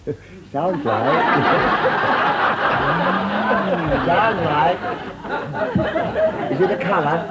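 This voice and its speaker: Halting man giving clues, crowd behind. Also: a little high, heavy background noise. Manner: halting, searching for words while miming clues. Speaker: game show contestant.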